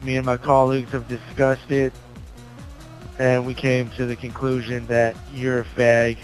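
A man's voice: mid-range voice, monotone, a little slow, soft background music, low-quality recording. A man leaving a sneering, insulting voice message over a game headset. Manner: sneering insults, bursts of shouting.

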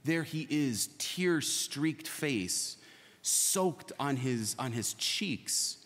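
A man preaching a sermon as a priest, impassioned and building to loud peaks. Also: mid-range voice, animated, drawn-out words. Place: church. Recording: long reverb of a church hall.

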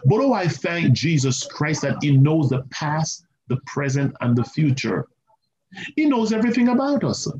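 A male pastor preaching a sermon, animated and repetitive, with asides to the congregation. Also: on the high side, moderate pace. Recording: roomy, slightly muffled church recording.

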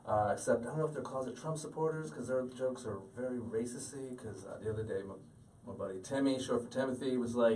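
A man's voice: medium pitch, fast talker, a little mellow. Late-thirties male stand-up, self-deprecating and punchy, picked up from a distant mic. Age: 30s. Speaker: stand-up comedian. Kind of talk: stand-up comedy set. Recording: stage audio from a distant mic.

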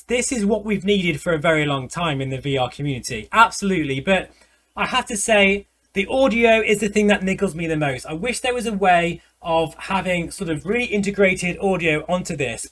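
A man, a flight sim vlogger gushing with excitement as he reviews a VR headset. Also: sits high. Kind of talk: enthusiastic product review vlog.

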